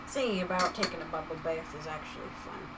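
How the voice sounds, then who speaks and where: A woman's voice: deep voice, fast, distant mic, heavy background noise. A woman chatting casually on a live stream, laughing often and reading chat messages aloud while she works.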